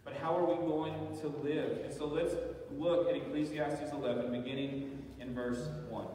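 A man's voice: a little high, fairly even intonation, normal speed, warm tone, slight background noise. Male pastor preaching in an echoey hall. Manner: conversational preaching with frequent "right?" asides. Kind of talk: sermon. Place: church sanctuary. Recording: echoey church hall, voice from far off.

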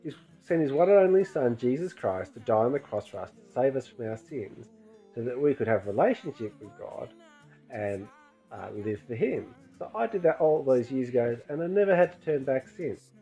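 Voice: mid-range voice, animated, moderate pace, mellow. A presenter giving a short, friendly, earnest testimony to children on a church show. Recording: dull lo-fi sound with faint music.

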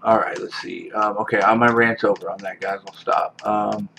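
A man commentating his own gameplay casually, ranting and swearing at his teammates, his voice jumping up into yells. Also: fairly low pitch, steady tone, moderate pace, vocal fry, a little hiss or hum. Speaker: gameplay streamer.

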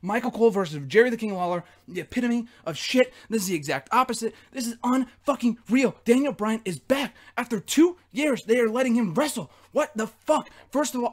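A young man ranting in an excited instant reaction as a wrestling vlogger, frantic and profane, shouting in disbelief. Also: very high voice.

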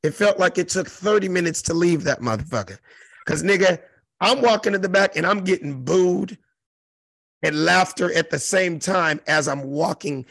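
Brief: comedian in his fifties from South Central LA, animated and profane storyteller, high and gravelly, dry close sound. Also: normal speed, dry recording. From South Central Los Angeles. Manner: profane, animated, acts out the other voices. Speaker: comedian guest.

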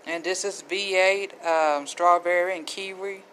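A woman's voice: lowish voice, fairly even intonation, measured pace, fairly bright tone, a little hiss or hum, rough recording. A middle-aged woman vlogger chatting casually to camera as she shows her food haul, with faith-filled asides.

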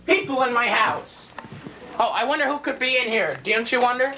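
A man's voice: very high voice, normal speed, creaky. A teenage boy acting as an exasperated, sarcastic homeowner who keeps grumbling about intruders in his house. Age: teens. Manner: exasperated, sarcastic, shouting now and then. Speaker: annoyed homeowner. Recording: hissy lo-fi home video.

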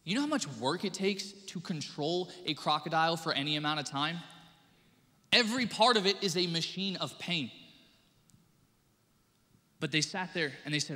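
A man preaching a sermon as pastor, animated and acting out the people he quotes. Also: a little high, moderate pace. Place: church sanctuary. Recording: church hall with long reverb.

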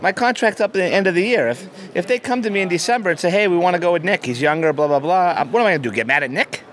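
A man's voice: sits high, lively intonation, racing, a bit bright. A man, a ring announcer answering interview questions in a wry, self-deprecating way. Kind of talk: casual interview.

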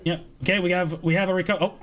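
Man, shotcaller, rapid-fire repeated commands, high-pitched, swears, voice chat. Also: flat delivery. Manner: urgent, commanding, repeats every order, swears. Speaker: guild shotcaller. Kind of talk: barking orders over game voice chat.

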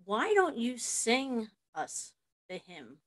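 A woman's voice: on the high side, huge pitch swings, slow pace, fairly bright tone. A woman hosting a casual conversation, earnest and restarting her words as she talks. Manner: earnest, repeats words when starting. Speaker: host. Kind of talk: casual chat.

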